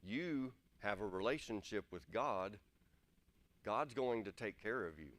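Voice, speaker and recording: A man's voice: on the low side, expressive, unhurried, a bit bright. A man giving an earnest, plain-spoken sermon and repeating his points to drive them home. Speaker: preacher. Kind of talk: conversational sermon.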